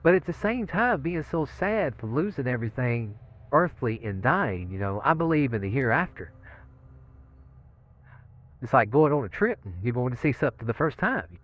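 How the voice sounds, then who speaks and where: Rambling inmate, man, mid-pitch voice, muffled phone-like audio, chuckles through his stories. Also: sing-song, moderate pace. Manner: rambling, laughing, repeats 'you know what I'm saying'. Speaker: death row inmate. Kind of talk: recorded interview, storytelling.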